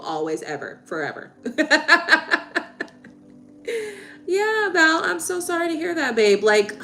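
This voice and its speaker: A woman reading tarot on a livestream, chatting casually and warmly with viewers, laughing and getting emotional. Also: high-pitched, big pitch swings, slow pace, pauses often. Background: soft background music.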